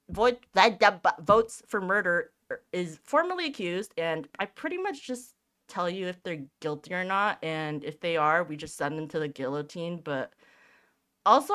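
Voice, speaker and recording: A woman's voice: medium pitch, fairly bright tone. A woman game master explaining rules in a casual, rambling way.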